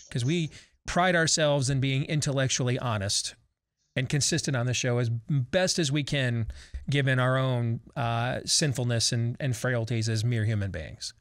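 A man hosting a political talk panel, sardonic and prone to halting restarts. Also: medium pitch, fairly bright tone, dry recording, studio quality. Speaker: talk show host. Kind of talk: panel discussion.

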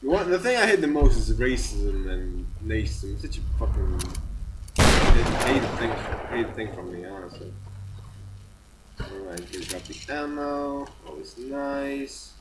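Brief: excitable male game commentator, lively swings in pitch, distant mic, noisy background. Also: unhurried. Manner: excitable, swears a lot, yells at enemies. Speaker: gaming channel host. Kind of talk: gameplay commentary.

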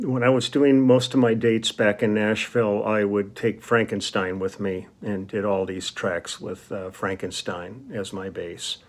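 Casting: American man, lowish voice, easygoing touring musician musing to camera, loose and unscripted. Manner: relaxed and rambling, many ums and uhs. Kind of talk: casual vlog talk.

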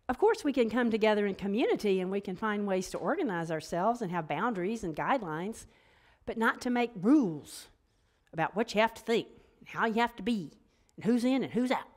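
A woman minister giving a sermon in a loose, chatty way. She breaks off into playful asides and laughs at her own jokes, and her voice sits at an ordinary middle pitch. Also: lively intonation, moderate pace.

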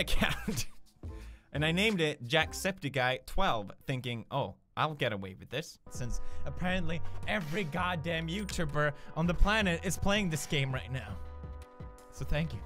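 A man's voice: fairly high pitch, bright, forceful tone. A young man hosting gaming videos, making sarcastic, mocking asides. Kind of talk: gaming commentary.

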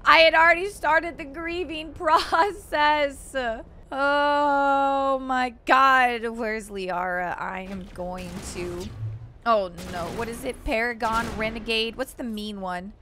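Playful high-voiced woman gaming streamer. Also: steady tone, takes it slowly, bright, forceful tone, slight background noise. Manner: playful, theatrical outbursts and mock grief. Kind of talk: let's play commentary. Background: game music and gunfire.

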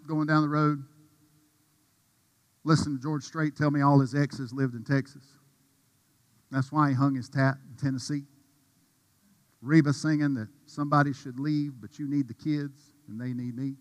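A man preaching a sermon with passion, dropping to a hush and rising to a shout. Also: a little high, big-room sound. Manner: impassioned, swings from hushed to shouting. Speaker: pastor.

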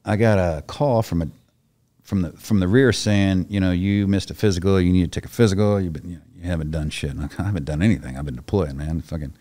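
Gruff, low-voiced blunt storyteller man. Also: fast, warm tone. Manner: blunt, profane, acts out the voices in his stories. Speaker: podcast guest, retired special operations soldier. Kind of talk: casual storytelling.

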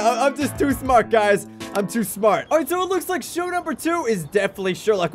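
A man with a strikingly high voice gives giggly, excitable let's-play commentary and talks straight to his viewers. Game music plays clearly behind him. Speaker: gaming YouTuber.

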